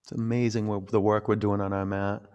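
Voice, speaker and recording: A young man leading a yoga class, giving calm cues and counting reps aloud. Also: fairly low pitch, a little fast, smooth, dull audio. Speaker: yoga instructor.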